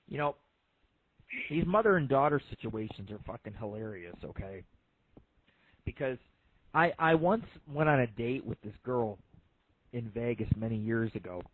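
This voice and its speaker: A man's voice: medium pitch, moderate pace. A man hosting an internet radio show, telling crude jokes in a rambling, profane monologue full of fillers. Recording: phone-like lo-fi line.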